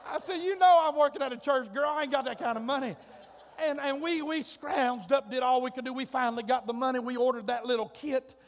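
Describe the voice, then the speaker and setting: A man preaching with a drawl, his voice strikingly high for a man and ringing through a long, echoing church hall. He spins a folksy, comic story and then climbs into drawn-out shouts at the big points. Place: church sanctuary.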